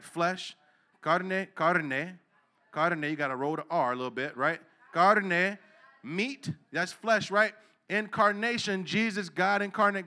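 A man preaching a sermon in a casual, slangy way, asking the listeners questions and swinging between low asides and loud, emphatic preaching. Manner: casual street slang, asks the crowd questions.

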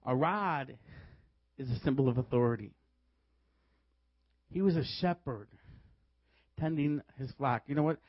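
A man preaching a sermon, telling stories in a lively way and laughing often as he goes. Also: mid-range voice, a little slow, long pauses, no room sound, lo-fi sound. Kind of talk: sermon with storytelling.

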